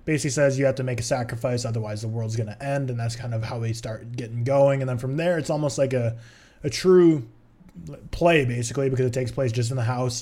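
A man's voice: mid-range voice, a little mellow. A young man, a podcast co-host, chatting casually and rambling through his film opinions with frequent restarts. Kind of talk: casual chat.

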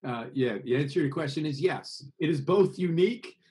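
A man from America being interviewed about singing, explaining with lively examples and acted-out voices. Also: on the high side, fairly quick. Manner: expressive, acts out voices to make points. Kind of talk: conversational interview over a call.

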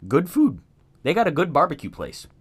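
A man's voice: on the high side, wildly swooping pitch, moderate pace. A young man in casual chat, skeptical and stubborn but playful.

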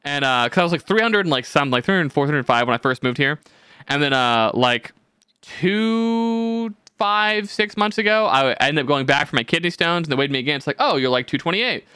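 A young man co-hosting a podcast, telling stories in casual chat, animated and swearing freely, acting out the people he quotes. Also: medium pitch, fast talker, clean tone, dry recording. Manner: swears a lot, animated storytelling with quoted voices. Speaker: podcast co-host.

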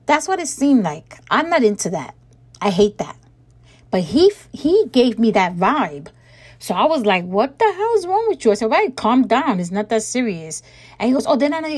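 A woman hosting a podcast, telling stories in a chatty, animated way and acting out conversations with exasperated emphasis and frequent laughter. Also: medium pitch. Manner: laughs often while talking. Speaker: podcast host. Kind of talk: casual storytelling chat.

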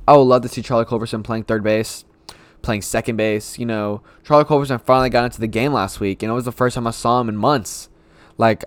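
Man, rambling fan sports talk, smooth clear voice, dry close sound. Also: mid-range voice, no echo. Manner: rambling, repeats himself, frustrated fan. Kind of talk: casual solo sports talk.

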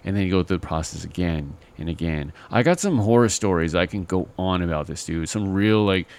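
Deep-voiced man riffing in casual podcast chat. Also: a little fast, clean tone. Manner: animated, mimics call-center agents in exaggerated voices; rambling, many fillers like "you know" and "right?". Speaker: podcast co-host.

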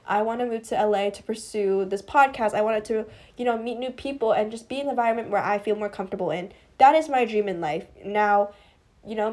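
A woman's voice: fairly high pitch, a little mellow. A young woman, hosting a podcast and giving casual, rambling advice to listeners she calls guys, full of "like" and "you know". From US East Coast. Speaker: podcast host.

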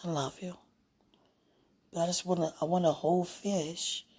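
A woman talking aloud in a casual, rambling way, drifting between hushed and loud. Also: fairly low pitch, fairly even intonation, normal speed, breathy edge. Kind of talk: casual spoken prayer and chat.

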